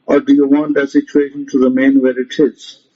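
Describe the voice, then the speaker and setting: Husky-voiced man giving a forceful lecture. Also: medium pitch, monotone, normal speed. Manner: emphatic, repetitive, commanding. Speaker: rabbi teaching a lecture. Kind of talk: motivational lecture. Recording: muffled lo-fi audio.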